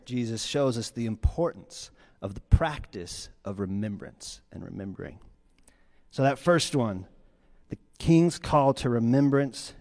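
A man preaching a sermon in a church sanctuary, his voice of middling pitch carried by a long hall reverb. He tells stories in an animated way, rising loud and quick, then dropping to a hushed tone. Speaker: pastor.

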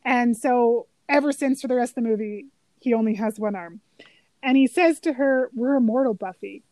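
Woman, high voice, dry close mic, enthusiastic, laughs often, casual co-host chat. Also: moderate pace, darkish tone, no room sound. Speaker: podcast co-host. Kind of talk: casual chat about a film.

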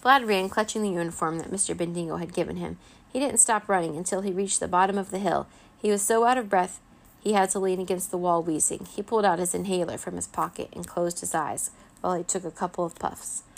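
A woman reading a children's chapter book aloud at bedtime. Her voice has a gravelly, creaky texture, and her reading is gentle and expressive. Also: lowish voice, fast talker. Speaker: children's story reader. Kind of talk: bedtime story read-aloud.

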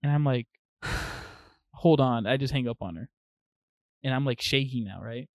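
A young man co-hosting a laid-back podcast, mid-pitched, with dry and close sound. He tells stories with animation and swears often, and his talk stays casual and unpolished. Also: unhurried, dry recording. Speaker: podcast co-host. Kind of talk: casual chat.

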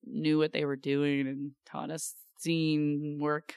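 A woman in her thirties talks casually as a podcast guest, with a wry, deadpan, self-deprecating streak. Her voice sits on the lower side for a woman. The sound is dry and close, with no room around it. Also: takes it slowly, gravelly, clear, resonant tone, dry recording. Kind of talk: casual chat.

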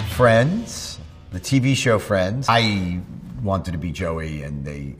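A middle-aged man, a voice actor being interviewed, telling animated anecdotes and slipping into impressions. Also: low voice, takes it slowly, music in the background. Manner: animated storyteller, slips into impressions. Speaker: voice actor guest.

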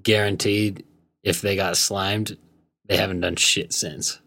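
A man's voice: deep voice, little pitch movement, slow pace, gravelly, bright, forceful tone. A young man co-hosting a podcast, chatting casually with teasing jokes and swearing. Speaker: podcast co-host. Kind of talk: casual chat.

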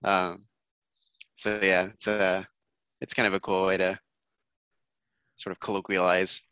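Bright-toned man chatting easily. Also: low-pitched, flat delivery, a little slow, smooth, dry recording. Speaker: podcast co-host. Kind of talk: casual chat.

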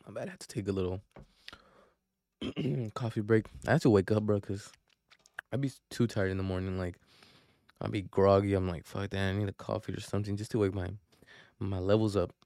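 A young man rambles through a profane, slang-heavy story, often restarting his sentences. His voice sits low, and the recording is dry and close with no room sound. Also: steady tone, brisk, long pauses, dark tone, dry recording. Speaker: podcast host. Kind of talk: casual storytelling.

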